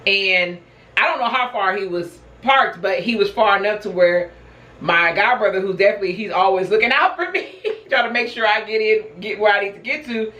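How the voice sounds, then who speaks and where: A woman's voice: mid-range voice, fairly quick, bright, forceful tone, roomy sound, rough recording. A woman vlogger telling a personal story in a casual, chatty way, laughing often and talking straight to her viewers. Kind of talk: casual storytelling while snacking.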